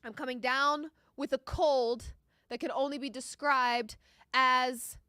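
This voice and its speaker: A woman's voice: high-pitched, steady tone, takes it slowly, pushed and bright, smooth, no room sound, clean studio sound. A young adult woman hosting a live sports reaction stream, emotional and pleading as a bet goes wrong. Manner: emotional, groaning and pleading over a losing bet. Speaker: sports betting show host. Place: sports studio. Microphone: studio microphone.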